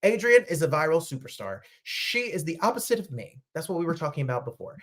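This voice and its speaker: A man from New Jersey hosting a talk show, chatting casually with gushing, animated asides. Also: on the high side, quick pace. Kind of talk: casual livestream chat.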